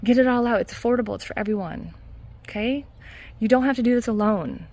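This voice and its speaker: A woman hypnotherapist talking casually in a self-help vlog, earnest and encouraging, with soft laughs. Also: on the high side, fast. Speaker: hypnotherapist and mindset coach.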